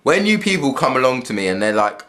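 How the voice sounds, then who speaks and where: Guy going off on a rant at home, swears a lot, loops back over his points, middle-pitched voice. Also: sing-song, fast talker, fairly bright tone. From England. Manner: heated, swearing, repeats himself. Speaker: vlogger. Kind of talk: casual rant to camera. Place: room at home with a TV.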